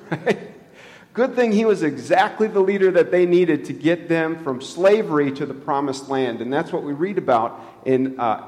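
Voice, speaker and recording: A man's voice: a little high, a little mellow. A man pastor giving a conversational sermon in a church, asking the congregation questions and chuckling at his own jokes. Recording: long hall reverb.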